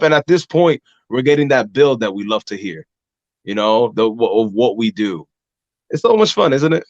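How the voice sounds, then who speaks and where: A man hosting a wrestling podcast, telling ring stories in a casual, animated way and acting out voices from the crowd. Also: mid-range voice, normal speed, no echo, lo-fi sound. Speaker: podcast host and pro wrestler. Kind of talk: casual conversation.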